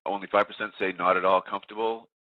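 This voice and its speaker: A man's voice: on the low side, quick pace, no echo. Congested man moderating over a tinny line. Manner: steady, procedural, self-correcting. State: congested from a cold. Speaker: webinar moderator. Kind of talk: running audience polls. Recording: tinny phone-like line, dry.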